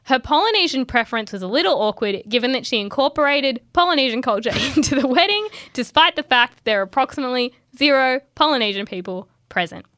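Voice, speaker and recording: A woman's voice: high voice, expressive, quick pace, few pauses, fairly bright tone, dry recording, clean studio sound. A woman co-hosting a podcast, reading a wry script and laughing along. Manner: wry, laughing as she reads. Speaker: podcast co-host.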